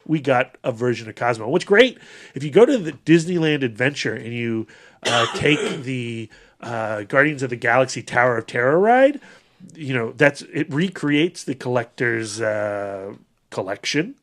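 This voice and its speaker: A man's voice: mid-range voice, lively intonation, normal speed, fairly bright tone. A man co-hosting a podcast, chatting eagerly about comic book characters with frequent restarts. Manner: enthusiastic, rambling with restarts. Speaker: podcast co-host. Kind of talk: casual chat.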